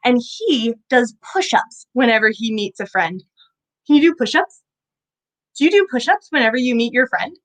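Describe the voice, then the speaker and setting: A woman's voice: fairly high pitch, expressive, normal speed, low-quality recording. A woman teaching children about animals in a bubbly, sing-song way, often asking them questions. She is indoors at an animal center. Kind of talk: kids' lesson.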